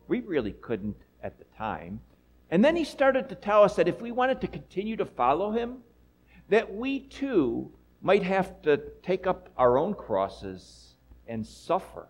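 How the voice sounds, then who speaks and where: A man's voice: a little high, full character voice, low-quality recording. A man playing an awed apostle eyewitness. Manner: lively storytelling with chatty asides to listeners. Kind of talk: first-person dramatic monologue.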